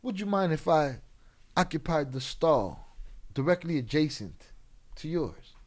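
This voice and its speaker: A man voicing a prissy, overly polite gentleman in mock-formal speech. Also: on the high side, lively intonation, a little slow. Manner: exaggerated politeness.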